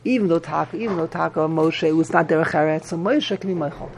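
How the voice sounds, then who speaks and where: High gravelly man teaching Talmud. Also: fast talker, slight background noise. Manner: repetitive, animated, peppers English with Hebrew and Yiddish terms. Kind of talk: Talmud class lesson.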